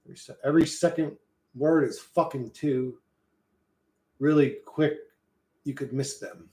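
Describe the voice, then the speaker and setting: A man's voice: mid-range voice, measured pace, long pauses, darkish tone, reverberant. A man with an American accent streaming casually, rambling and swearing while he reads chat. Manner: profane, rambling, loose and joking. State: hot and sweating.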